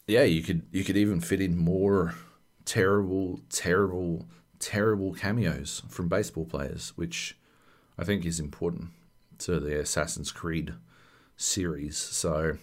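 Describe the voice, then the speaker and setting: A man's voice: low-pitched, steady tone, a little slow. A man co-hosting a podcast, giving blunt, sardonic opinions in casual chat with frequent swearing. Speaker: podcast co-host.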